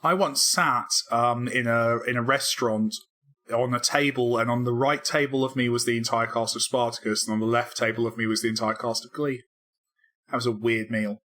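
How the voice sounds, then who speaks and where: A man's voice: medium pitch, steady tone, normal speed, a bit bright. A man co-hosting a casual podcast, rambling and self-deprecating, with lots of fillers and restarts. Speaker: podcast co-host, game developer. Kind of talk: casual chat.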